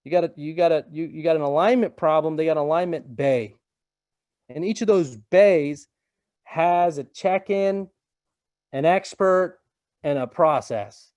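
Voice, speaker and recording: Mellow-voiced middle-aged man presenting. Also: a little high, unhurried, dry recording, studio quality. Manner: casual, repeats phrases and asks "right?" for assent. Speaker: webinar presenter. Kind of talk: conversational presentation.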